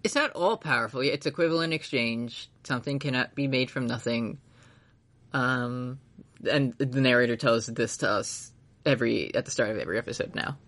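A man's voice: mid-range voice, moderate pace, a bit bright. A man co-hosting a casual anime recap podcast, rambling, swearing freely, laughing often and acting out characters' lines. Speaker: podcast co-host.

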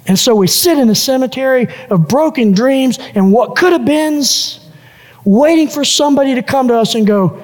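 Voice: high voice, a little mellow, big-room sound. A pastor preaching a sermon who builds each point through repeated lists and phrases.

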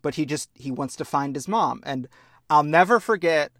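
Young male podcast host, excitable storyteller, higher voice, dry close sound. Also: normal speed, dry recording. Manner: enthusiastic, swears freely, lively storytelling. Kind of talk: casual chat.

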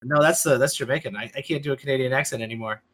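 A man's voice: medium pitch, rapid-fire, noisy background. A man hosting a casual fantasy basketball podcast, laid-back and joking. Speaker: podcast host.

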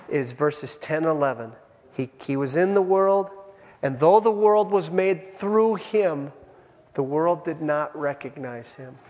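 A man who is a pastor delivers a sermon in a church, telling stories and moving between hushed and raised delivery. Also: on the high side, creaky. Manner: storytelling, dramatic shifts between hushed and raised. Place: church sanctuary. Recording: long church reverb.

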